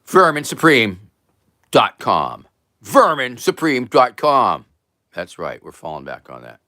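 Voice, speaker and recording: A man chats through a casual livestream, greeting viewers by name and tossing off dry quips. His pitch swings widely while he keeps an unhurried pace. The sound is close and dead, with no room echo. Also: wildly swooping pitch, sharp tone. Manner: reads viewer names aloud with dry jokes. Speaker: livestream host.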